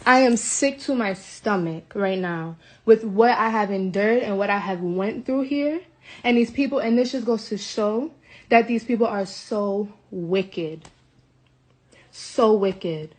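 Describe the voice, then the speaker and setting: A woman's voice: mid-range voice, takes it slowly, darkish tone. Indignant woman ranting into her phone. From United States. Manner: agitated, indignant, repeats herself. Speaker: livestreamer. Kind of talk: emotional live video rant. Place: hotel room.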